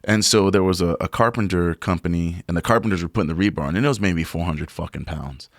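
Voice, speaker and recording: A man's voice: sits low, fast, dry recording, studio quality. A man on a podcast telling a long work story in a casual, profane way, saying "bro" a lot. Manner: profane, animated, says "bro" often.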